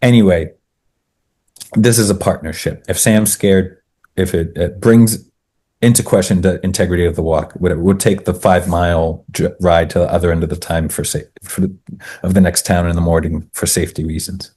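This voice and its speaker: A man from Maine, a podcast guest, telling a story in a relaxed conversational way, often restarting his sentences and adding asides. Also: low-pitched, normal speed, breathy edge. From Maine, USA.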